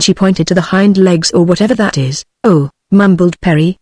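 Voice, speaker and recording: A text-to-speech woman's voice with a British English accent, reading a story aloud as an audiobook narrator in an even, measured way. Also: on the low side, slightly rough, no echo, clean studio sound.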